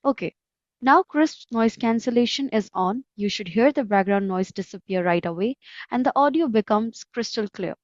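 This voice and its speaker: Indian-accented female call center agent, measured delivery, dull call-quality audio. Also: fairly high pitch, lively intonation, dry recording. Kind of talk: scripted product demo.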